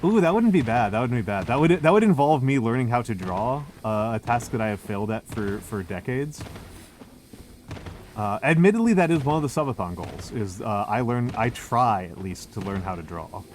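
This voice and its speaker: A man's voice: mid-range voice, expressive, normal speed, darkish tone, slight background noise. An American man chatting casually with viewers on a stream, rambling and self-deprecating, with many restarts. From United States. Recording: music playing behind the voice. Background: music.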